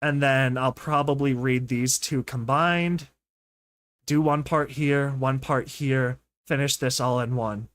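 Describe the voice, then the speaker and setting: A young man doing excited, rambling commentary on a live stream, laughing often and calling his viewers dude and bro. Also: medium pitch, slow, dry recording. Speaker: streamer reading a story with commentary.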